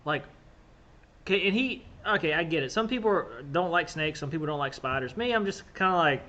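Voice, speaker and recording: A man's voice: high-pitched, quick pace, highs cut off. A man in casual podcast chat, telling stories animatedly and filling them with "like". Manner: animated, laughing storyteller with lots of "like".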